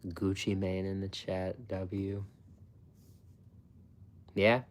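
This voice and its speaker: A man chats loosely with his viewers, his voice sitting low and deep. He rambles, swears freely and breaks into laughter often, his talk full of "like" and restarts. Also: level tone, drawn-out words. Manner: rambling and profane, laughs often, many fillers. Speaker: food channel host. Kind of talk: casual live-stream chat with viewers.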